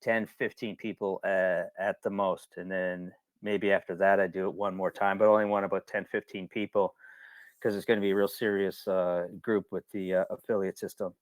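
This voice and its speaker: Casting note: rambling, colloquial webinar host, a man with a lowish voice, close and dry on a computer mic. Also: flat delivery, normal speed, no room sound. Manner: rambling, colloquial, repeats himself when worked up. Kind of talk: casual webinar talk.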